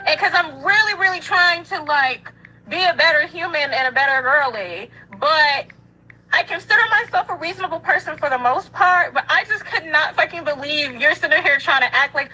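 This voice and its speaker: Woman vlogger, very high and bright, exasperated and emphatic, stumbling over her words. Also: animated, moderate pace, low-quality recording. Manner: exasperated, emphatic, stammering restarts. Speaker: storyteller in a clip. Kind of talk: casual storytime vlog.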